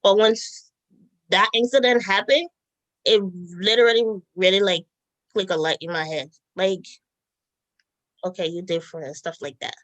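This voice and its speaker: A young woman chatting as a guest, telling stories in a lively way and laughing often. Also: medium pitch, moderate pace, dry recording, low-quality recording. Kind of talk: casual chat.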